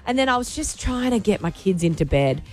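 Radio co-host, woman, 40s, chatty and confessional, animated, light music underneath. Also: mid-range voice, a little fast. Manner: chatty, confessional, laughs often. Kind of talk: casual radio banter. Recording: radio studio with faint music bed.

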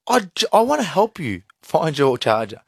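A man's voice: normal speed, gravelly, slightly rough, no room sound, studio quality. A man, co-hosting a casual radio chat and acting out what was said. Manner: expressive, acts out quotes with big pitch swings. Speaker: radio host.

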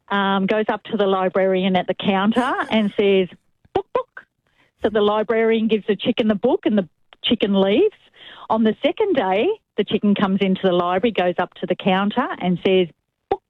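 A woman's voice: mid-range voice, no room sound. A woman calls a radio show and tells a long joke step by step. Her voice sounds tinny and dry, as if heard over a telephone. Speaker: caller. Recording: tinny phone line.

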